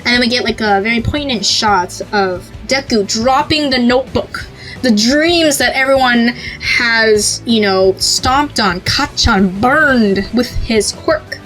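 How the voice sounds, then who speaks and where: Gushing fan podcaster, a woman, fairly high voice. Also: faint music behind, poor audio. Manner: gushing, animated, quick asides with many fillers; reads short Japanese lines aloud. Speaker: podcast host. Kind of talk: excited casual commentary on a comic.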